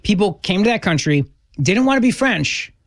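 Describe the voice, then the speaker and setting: A man's voice: high-pitched, lively intonation, moderate pace. Enthusiastic chatty male radio host. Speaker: radio talk show host. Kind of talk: radio talk show interview.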